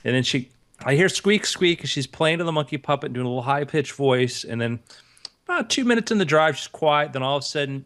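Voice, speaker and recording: Podcast guy telling a story, bright voice, animated. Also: on the high side, fairly quick. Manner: animated storyteller acting out quotes. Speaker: podcast co-host. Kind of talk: casual storytelling chat.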